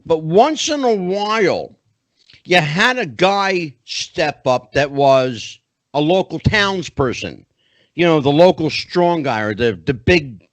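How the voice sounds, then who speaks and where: A man's voice: on the high side, dry recording. A middle-aged man hosting a podcast interview, chatty and often rephrasing himself. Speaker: podcast host.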